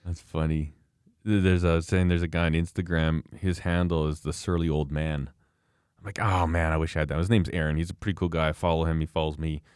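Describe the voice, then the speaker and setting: A man's voice: very deep voice, a little fast, smooth, no room sound, studio quality. A middle-aged man co-hosting a podcast, chatting casually and telling stories with lots of laughter. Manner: animated, laughing storyteller. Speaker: podcast co-host. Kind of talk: casual chat.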